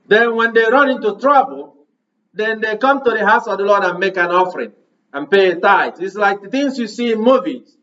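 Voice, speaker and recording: A man's voice: high-pitched, animated, moderate pace, fairly bright tone, far from the mic, dull audio. A man preaching a sermon, pressing his listeners with repeated rhetorical questions.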